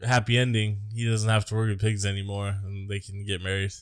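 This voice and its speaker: A man's voice: fairly low pitch, completely flat delivery, a little fast, smooth, no room sound, clean studio sound. An American man co-hosting a podcast, chatting casually about a movie in a joking, profane, rambling way. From United States. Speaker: podcast co-host.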